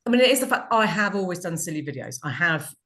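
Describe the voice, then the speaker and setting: A woman's voice: on the low side, very animated, quick pace, a bit bright. A British woman co-hosting a casual video call, rambling and laughing at herself as she tells stories. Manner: rambling, self-mocking, laughs often. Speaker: co-host. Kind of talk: casual chat.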